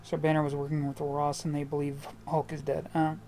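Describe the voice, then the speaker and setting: A woman's voice: low voice, monotone, a little fast, dark tone, slight background noise. A woman streamer chatting casually and joking while playing a video game. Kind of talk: casual live-stream gameplay commentary.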